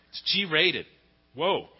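A man's voice: very slow, husky. Man preaching in an echoing hall. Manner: expressive storytelling, pitch and volume swing widely. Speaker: pastor. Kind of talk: sermon. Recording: dull sound with long hall reverb.

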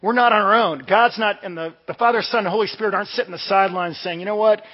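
Delivering a storytelling sermon in a chatty way, a man from around Washington DC speaks quickly in a high-sitting voice. He is a pastor, and the recording has a dull tone with long reverb from the hall.

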